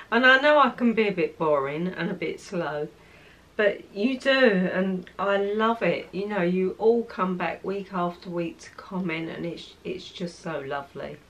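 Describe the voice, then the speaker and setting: A woman in her sixties chatting casually on her lifestyle vlog, soft-spoken and heartfelt. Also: on the low side, a little slow, rough recording. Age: 60s. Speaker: lifestyle vlogger.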